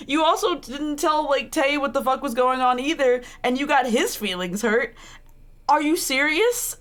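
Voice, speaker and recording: A woman's voice: high voice, moderate pace, a bit bright. A woman streaming a game, ranting in exasperation, laughing and swearing at the characters. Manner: frequent swearing. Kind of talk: casual live-stream commentary.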